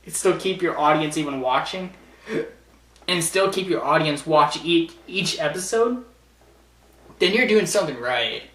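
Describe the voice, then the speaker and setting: With a fairly high, slightly bright voice, this Canadian vlogger casually ranks TV shows, rambling and restarting with stammers. He's recorded from a distance in a room with noticeable echo.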